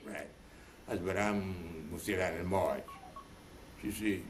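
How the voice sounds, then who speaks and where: A man's voice: sits low, sing-song, a little fast, slight background noise. An older man in an oral history interview, telling stories at length and acting out the voices of the people in them. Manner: rambling, retells dialogue in voices. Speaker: veteran being interviewed.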